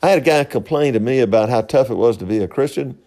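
A man's voice: mid-range voice, fast talker, warm tone. A middle-aged man, hosting a podcast in a rambling, folksy monologue and laughing at his own stories. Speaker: podcast host.

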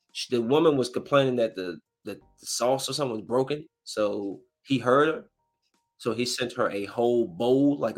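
A man casually retelling a movie's plot in a rambling, animated way, acting out the characters' lines as he goes. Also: mid-range voice.

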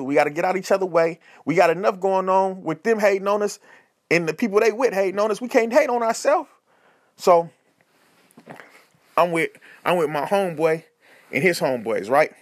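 Animated high-voiced man giving advice. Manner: animated, repetitive, preachy, slangy. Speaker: podcast host. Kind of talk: casual comedic advice talk.

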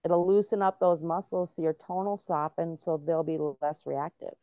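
A middle-aged woman talks earnestly, explaining step by step with many restarts. Her voice sits low, and the recording is muffled and lo-fi. The sound is dry, with no room echo. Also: steady tone, moderate pace, mellow. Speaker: guest, autism and veterans advocate. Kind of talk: casual interview talk.

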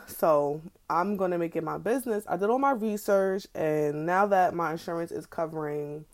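A woman's voice: low voice, darkish tone. A young woman, ranting candidly and with plenty of profanity about her own experiences in a casual vlog. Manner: candid, profane, exasperated storytelling with slangy asides. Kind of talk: casual personal vlog rant.

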